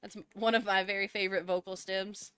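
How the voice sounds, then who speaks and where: A woman chats with her stream while she plays, giggly and talkative. Her voice is smooth and clear, and she answers her viewers' questions easily. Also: medium pitch, level tone, a little fast, a bit bright. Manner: chatty and giggly, answering chat. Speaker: live streamer. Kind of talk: casual chat with viewers while gaming.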